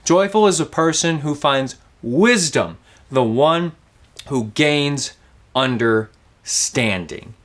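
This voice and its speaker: Guy doing a kids church lesson, storytelling, pitch jumps all over, kinda high. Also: slow pace. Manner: lively storytelling to children. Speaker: children's ministry teacher. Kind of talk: kids' object lesson.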